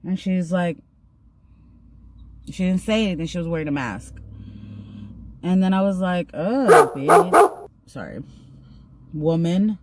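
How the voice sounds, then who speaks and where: A woman's voice: lowish voice, normal speed, long pauses, very noisy. A young woman casually telling a story while getting ready, chatty and slangy, acting out the people she quotes. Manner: chatty, slangy, animated retelling with acted quotes. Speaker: vlogger.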